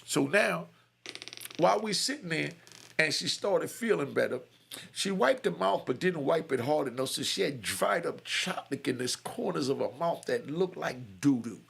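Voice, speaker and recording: A middle-aged man casually telling a raw, blunt personal story in street slang, jumping up high for quoted voices and asking "you know what I mean" again and again. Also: animated, normal speed, gravelly, a bit bright, husky.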